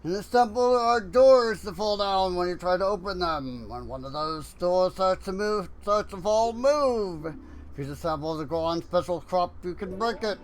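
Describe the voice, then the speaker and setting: A man's voice: sits high, animated, moderate pace. A man voicing a chatty, friendly male rock creature in a game, talking out of the side of his mouth.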